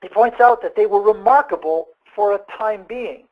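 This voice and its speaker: A man hosting a sales webinar, telling a story in an animated, conversational way with quick asides. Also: high-pitched, muffled recording. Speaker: webinar host.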